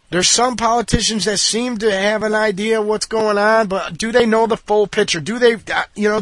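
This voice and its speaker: A man's voice: sits high, a bit bright, no echo. A man ranting in an angry, blunt monologue full of repetition and swearing. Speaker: political commentator.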